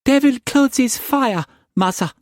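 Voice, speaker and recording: A man's voice: very high voice, expressive, measured pace, no room sound, clean studio sound, pitched above the performer's own voice. A man voicing a timid, loyal female servant with clipped, pidgin-like speech in an audiobook. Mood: fearful.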